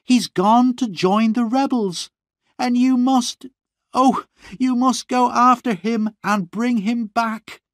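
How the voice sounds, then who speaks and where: A tearful, desperate young woman, as a male narrator puts her on, her voice pitched far up into a thin falsetto that sounds set back from the mic. She pleads in a rush in a storybook reading, the room dry around her. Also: takes it slowly, fairly bright tone, dry recording, heavily acted. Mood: pleading.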